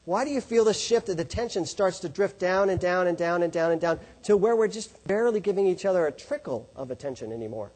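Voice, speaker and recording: Middle-aged man, high and husky; storytelling speaker who asks and answers his own questions. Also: lively intonation, fast, few pauses, a little mellow, rough recording. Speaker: speaker on love and faith. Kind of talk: presentation to an audience.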